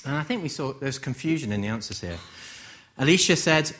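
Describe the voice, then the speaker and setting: Man from England, sermon, animated pitch, chatty and gently humorous. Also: a little fast. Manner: conversational, gently humorous, rhetorical questions. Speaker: preacher.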